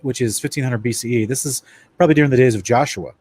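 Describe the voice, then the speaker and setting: A man's voice: medium pitch, fast, a little mellow, breathy edge. A man giving a casual lecture-style Bible study presentation. He talks to his listeners as guys and stumbles and restarts now and then while reading passages aloud.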